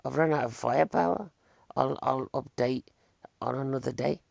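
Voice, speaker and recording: Gravelly man telling comic stories. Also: mid-range voice, moderate pace, no echo. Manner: wry, deadpan asides, rhetorical questions. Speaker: comedian. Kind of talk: rambling comic storytelling monologue. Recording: dull lo-fi recording, dry.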